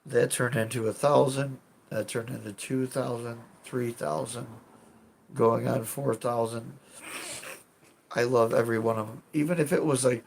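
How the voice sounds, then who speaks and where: A man streams live and chats with viewers in a slow, unhurried, rambling way. His voice carries a gravelly fry, and he's self-deprecating, dropping the odd swear as he goes. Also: medium pitch, fairly even intonation, a little mellow. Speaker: streamer answering live chat. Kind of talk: casual livestream chat.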